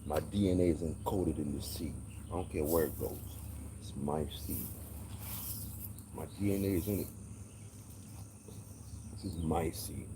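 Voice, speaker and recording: A man with a very low, deep voice talks on a casual livestream from an outdoor yard while tending chickens. He riffs in an animated, preachy way and drops street slang. Faint roosters and insects sit behind him. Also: normal speed, pauses often, noisy background. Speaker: livestream host on a farm.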